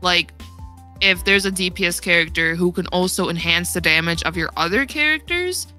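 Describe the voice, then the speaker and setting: A woman's voice: fairly low pitch, expressive, normal speed, pushed and bright, faint music behind. A young woman talking in a casual gaming podcast chat, rambling and laughing often, her voice getting worn. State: losing her voice. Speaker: podcast guest.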